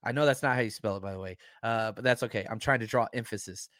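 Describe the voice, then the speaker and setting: A man hosting a sports talk show, talking casually and excitedly, stressing his points by repeating them. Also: lowish voice, fast talker, dry recording, studio quality. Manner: excitable, emphatic, keeps repeating himself.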